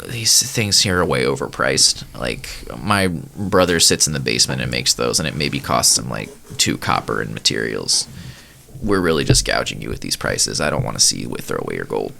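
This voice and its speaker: A man voicing a weary, laid-back female gift shop cashier, talking low and deadpan. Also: normal speed, vocal fry, exaggerated voice.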